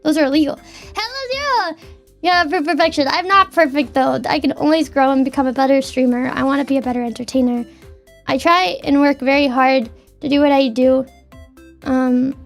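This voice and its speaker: A young woman streamer chatting casually from her desk at home, stammering and repeating words as she talks heartfelt. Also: sits high. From Canada. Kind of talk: casual chat.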